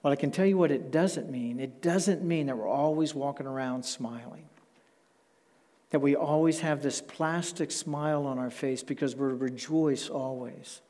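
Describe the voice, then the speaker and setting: Guy preaching a sermon, mellow voice, slows way down on the big words, long church hall echo. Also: mid-range voice. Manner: measured, emphatic, slows down to stress key words. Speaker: pastor. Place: church sanctuary.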